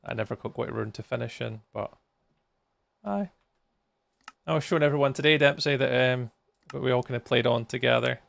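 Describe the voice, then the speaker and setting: A man's voice: medium pitch, brisk, creaky, a bit bright. A man chatting with viewers during a live gameplay stream. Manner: chatty, talks to viewers while playing. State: tired, yawning.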